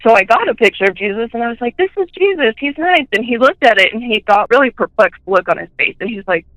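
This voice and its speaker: A woman telling personal ghost stories in a chatty way, full of fillers, and switching into high voices when she quotes people. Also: fast talker, fairly bright tone, dry recording, poor audio. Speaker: guest.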